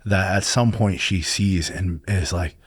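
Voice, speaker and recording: A man's voice: deep voice, fairly even intonation, measured pace, breathy edge, no echo. A man chatting casually in a church talk show, earnest and telling a story with restarts. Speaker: pastor. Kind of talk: casual church podcast chat.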